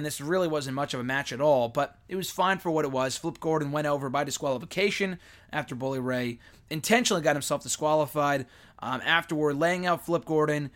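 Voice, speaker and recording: A man casually reviewing wrestling shows, talking in a rambling, opinionated, animated way. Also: on the high side. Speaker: wrestling commentator.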